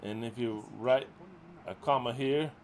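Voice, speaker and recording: A middle-aged ministry leader scolds his followers at a measured pace, profane and exasperated. He swings between loud outbursts and low muttering.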